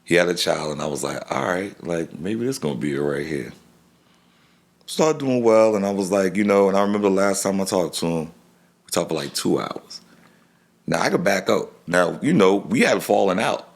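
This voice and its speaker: A middle-aged podcast guest tells a personal story, animated, low-voiced and with vocal fry. He halts and restarts his phrases frequently, acting out what people said.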